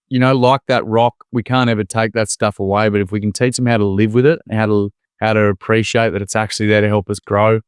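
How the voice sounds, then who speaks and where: Middle-aged Australian man, smooth low voice, earnest storyteller, close dry sound. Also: dry recording. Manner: earnest, animated, uses mate and slang. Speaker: guest, former primary school teacher. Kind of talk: casual conversational storytelling.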